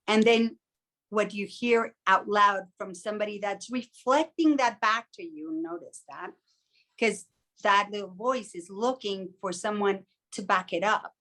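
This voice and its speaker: In an unhurried, medium-pitched voice with a bit of brightness, a woman co-hosts a podcast. Her casual conversation turns reflective, and she voices her inner thoughts through little quoted asides.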